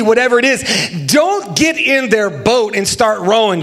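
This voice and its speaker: A young man, a pastor, preaching a lively sermon with jokes and calls for the congregation to join in. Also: high voice, normal speed, few pauses. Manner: lively, joking, talks with the congregation.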